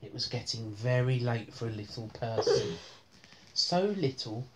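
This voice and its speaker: A woman's voice: extremely low pitch, steady tone, unhurried, background noise. A woman reading a bedtime story aloud to her children at home, often breaking into laughter as she reads.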